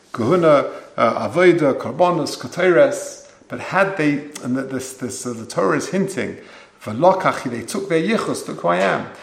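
A man's voice: medium pitch, gravelly, echoey room. A man giving a Torah class, translating each phrase into as he goes and often restarting his sentences. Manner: explains each Hebrew phrase in English, with frequent restarts. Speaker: Torah teacher.

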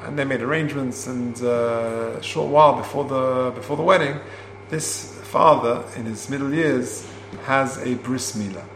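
A man teaching a Torah class, explaining Hebrew terms and telling a story in an unhurried way with many fillers. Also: medium pitch, fairly bright tone. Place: classroom, also streamed online. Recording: roomy with faint hum.

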